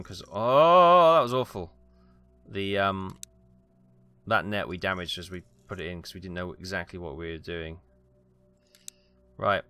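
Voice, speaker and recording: A man's voice: deep voice, bright, forceful tone, smooth. A man hosting a let's-play gaming video, talking casually and hesitantly, with lots of ums as he plays.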